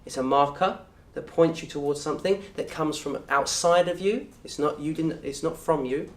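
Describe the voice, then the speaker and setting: A man with a southern English accent teaching an Arabic course in a lecture room. He talks in a lively way, quizzes the audience and acts out little scenes. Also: a little high, moderate pace. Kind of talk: lecture to an open day audience. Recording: roomy echo from a distant mic.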